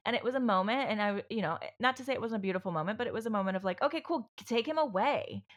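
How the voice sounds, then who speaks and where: Racing along in a mid-range voice, a woman shares her own story on a podcast. The chat is casual, rambling, and candid, packed with fillers and restarts, and she swears freely throughout.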